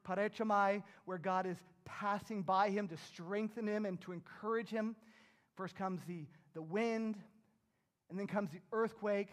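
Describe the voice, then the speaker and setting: A middle-aged man pastor preaching a sermon in an earnest, emphatic way, pushing up to strong rises. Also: sits high.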